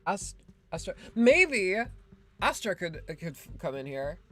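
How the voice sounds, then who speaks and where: A woman's voice: fairly low pitch, sing-song, takes it slowly, a bit bright, faint music behind. A woman streaming a video game, giving casual, sarcastic commentary that rambles with lots of "like" and "um". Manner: sarcastic, rambling, full of fillers like "like" and "um".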